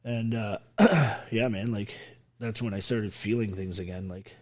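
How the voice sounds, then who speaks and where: This army veteran speaks a little slowly in a low, a little mellow voice with fairly even intonation. Still, his emotional podcast story is blunt and thick with swearing, and he acts out others' quoted speech.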